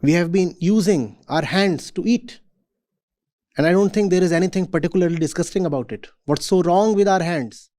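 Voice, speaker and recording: A man speaks to a room of students in a calm, deliberate lecture. His voice is mellow and warm, and he lands each point with emphasis before asking a rhetorical question. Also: sits high. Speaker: spiritual teacher. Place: university event hall.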